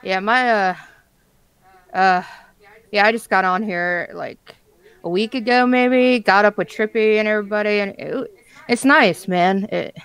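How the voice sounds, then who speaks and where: A woman with a smooth, clear voice talks on a stream in a blunt, profane way. A wad of tobacco dip in her lip thickens her words a little. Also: medium pitch, unhurried, fairly bright tone. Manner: blunt, profane, a bit mumbled. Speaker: guest on a stream. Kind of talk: casual stream chat.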